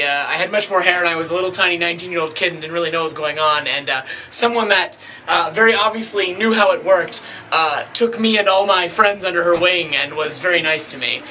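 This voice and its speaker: A man in his late twenties, a wrestler, giving a halting tribute full of fillers and restarts. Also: fairly high pitch, pushed and bright, slight background noise. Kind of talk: recorded tribute message.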